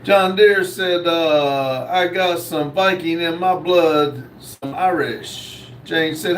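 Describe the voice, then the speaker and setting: A man hosting a live stream, reading viewer comments aloud and answering them, with many pauses and fillers. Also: on the high side, a bit bright, echoey room, recorded from a distance, a little hiss or hum, poor audio. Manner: slow, reads comments aloud with many uhs. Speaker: host reading live chat. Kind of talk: casual live stream chat.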